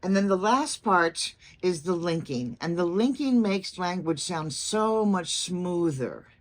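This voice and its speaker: A woman accent coach giving a clear, deliberate lesson, demonstrating phrases aloud. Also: fairly low pitch, animated. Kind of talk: instructional talk to camera.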